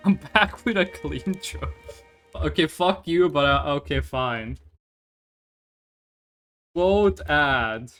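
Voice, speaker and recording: High, lively man streaming a game. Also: a little slow, long pauses, soft background music. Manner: animated, rambling, swears casually. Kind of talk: live gameplay commentary.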